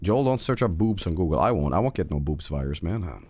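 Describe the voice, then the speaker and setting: A man with a fairly low voice chats casually to his viewers while he plays a game. His pitch swings widely as he rambles, swears freely and keeps breaking into laughter. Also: sing-song, a little fast, darkish tone, husky. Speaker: streamer. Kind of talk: casual livestream chat while gaming.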